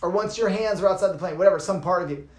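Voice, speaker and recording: A man, a yoga teacher, giving an informal talk and telling a lively story, swearing casually and acting out the people in it. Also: high voice, very fast. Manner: animated, swears casually, acts out voices. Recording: roomy echo.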